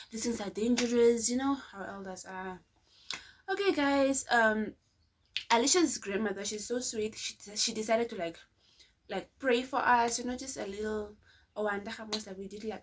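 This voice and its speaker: A woman's voice: a little high, fairly bright tone, slight background noise. A woman vlogger telling a story to her viewers in a chatty, casual way, often addressing them as guys.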